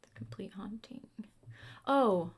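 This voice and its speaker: A chatty young woman talks casually while carving a pumpkin. She muses out loud about books and drifts now and then into soft, quiet asides. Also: medium pitch, lively intonation, slow pace, breathy edge. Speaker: booktuber.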